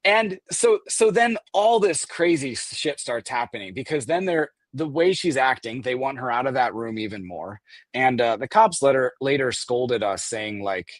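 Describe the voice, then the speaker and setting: Animated man telling a story, dry sound. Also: medium pitch, normal speed, dry recording. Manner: animated, acts out quoted voices, swears. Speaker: guest recounting an event. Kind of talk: casual storytelling.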